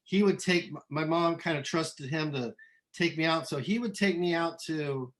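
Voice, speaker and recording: Rambling middle-aged man, slightly high voice. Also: moderate pace. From Southern California. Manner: relaxed, rambling, lots of ums and restarts. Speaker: musician guest. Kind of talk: casual interview.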